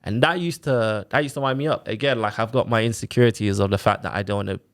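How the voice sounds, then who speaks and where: A man, telling his own story on a podcast in a casual, animated way, full of quoted back-and-forth and fillers like "like" and "innit". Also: fairly low pitch, quick pace. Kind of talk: casual chat, personal story.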